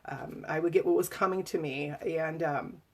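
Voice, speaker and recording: A woman reading aloud from her own memoir to a live audience, emotional and halting, with fillers and restarts. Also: sits low, steady tone.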